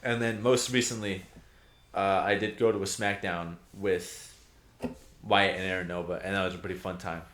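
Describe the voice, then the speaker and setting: A young man telling wrestling-night stories on a podcast, full of swearing and quick laughs. His voice sits on the low side. The room is echoey. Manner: animated storytelling, swears and laughs often. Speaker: podcast co-host. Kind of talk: casual chat. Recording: roomy echo.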